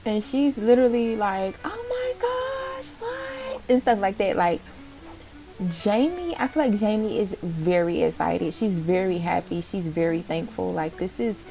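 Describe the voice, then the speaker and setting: A woman, excitedly narrating her life-sim game story in casual commentary and talking straight to her viewers. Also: mid-range voice, normal speed, gravelly. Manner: chatty, excitable, addresses viewers as y'all. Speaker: Sims gameplay narrator.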